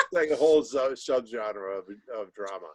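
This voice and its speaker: A man playing a tabletop role-playing game, speaking in a wry, low-key way. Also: a little mellow, no echo. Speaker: player. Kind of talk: casual tabletop play.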